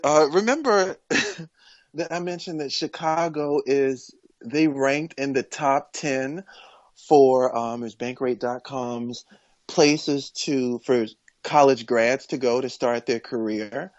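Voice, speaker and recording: A man appearing as a guest on a podcast, talking in a measured, earnest way with frequent restarts. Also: a little high, no room sound, dull audio. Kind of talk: casual political chat.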